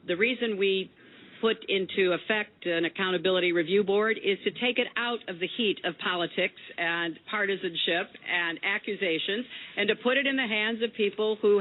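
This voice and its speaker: A woman official giving formal testimony at a hearing, pausing often with filler sounds. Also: mid-range voice. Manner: halting, many filler sounds. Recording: tinny phone-like archive clip.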